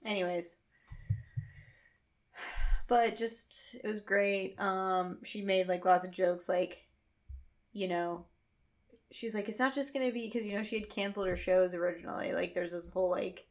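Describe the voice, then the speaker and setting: A woman in her thirties co-hosting a casual podcast chat, telling animated stories with many fillers. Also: on the low side, unhurried, long pauses. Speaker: podcast co-host.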